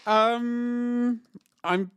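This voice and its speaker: A man's voice: extremely high pitch, fairly even intonation, very slow, fairly bright tone, clean tone, dry recording. A man hosting a casual livestream, rambling and chatting with viewers while painting miniatures at his desk. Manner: chatty, rambling, talks to chat while working.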